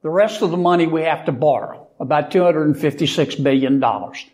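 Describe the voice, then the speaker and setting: Louisiana-accented senator, dry and folksy. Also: male voice, fairly high pitch, animated, a little fast, darkish tone. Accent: Southern US, Louisiana. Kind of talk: clipped political statement.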